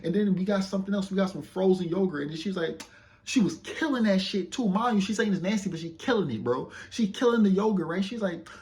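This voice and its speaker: A young vlogger whose voice sits high talks fast through a casual storytime for his viewers, loose, slangy, and full of boasting. He keeps checking in with the listener and becomes loud and excited as he retells an argument.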